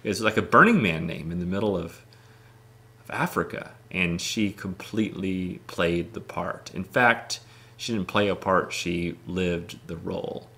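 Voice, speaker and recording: A man's voice: low voice, measured pace, gravelly, bright, forceful tone. A man casually talking through his travel photos, rambling and enthusiastic with lots of ums. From United States. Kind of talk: casual talk over photos.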